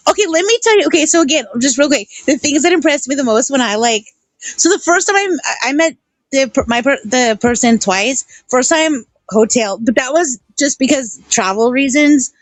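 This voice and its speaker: A high-pitched woman talks loosely on an online panel, chatty and quick to laugh. Her talk is full of fillers and restarts. The sound is close and dry, with no room around it. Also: animated, no echo. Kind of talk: casual panel chat.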